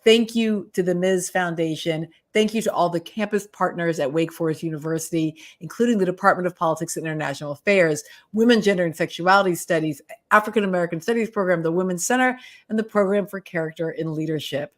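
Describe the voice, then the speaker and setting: A woman hosts a relaxed conversation, her voice sitting a little low. She talks in a chatty, easygoing way, laughing readily and thanking her guest warmly. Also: quick pace, hardly any pauses. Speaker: host and interviewer. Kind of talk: casual conversational interview.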